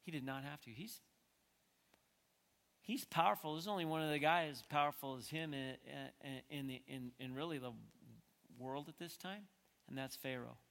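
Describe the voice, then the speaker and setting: A man preaching a sermon as pastor. He talks conversationally and swings from quiet stretches to emphatic peaks. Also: fairly high pitch, normal speed, long pauses. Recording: long hall reverb.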